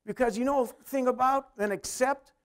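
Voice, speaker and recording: High-voiced man giving a chatty sermon. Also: moderate pace, smooth. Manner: conversational preaching, asks the crowd questions. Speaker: pastor.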